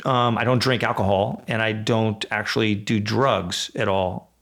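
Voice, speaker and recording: A man, telling stories in a loose, swearing, animated way and acting out voices as a podcast guest. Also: fairly low pitch, unhurried, creaky. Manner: animated, swearing storyteller who acts out voices in quotes. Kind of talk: casual podcast chat.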